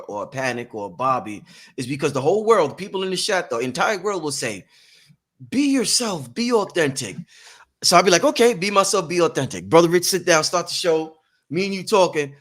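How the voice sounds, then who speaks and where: A man hosting a live-streamed show in casual chat, animated and swearing freely. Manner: animated, gets loud and high when worked up, swears freely. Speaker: podcast host.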